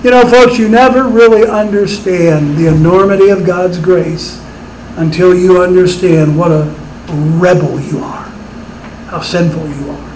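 A man's voice: sits high, steady tone, measured pace, a little mellow, slight background noise, poor audio. A middle-aged man preaching a sermon as pastor, emphatic and rising on his rhetorical questions.

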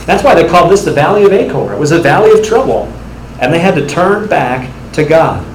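A young man preaching a sermon as pastor, earnest and direct, building to animated storytelling. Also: fairly high pitch, moderate pace, echoey room, slight background noise, rough recording.

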